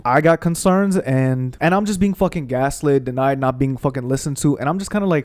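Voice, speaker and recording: A young man ranting fast and profanely about his friends, in an exasperated storytime over gameplay. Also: medium pitch, darkish tone, no room sound. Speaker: gaming streamer.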